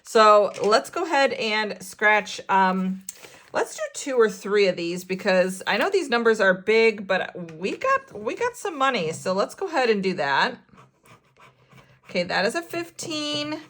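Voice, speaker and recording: An excitable woman hosting a casual budgeting vlog, counting cash aloud and narrating her savings. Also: medium pitch, unhurried. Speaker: budgeting channel host.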